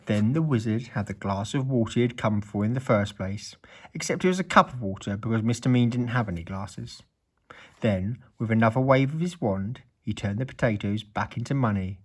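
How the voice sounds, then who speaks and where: A man reading a children's story aloud in an expressive, playful way. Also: on the low side, moderate pace, breathy edge.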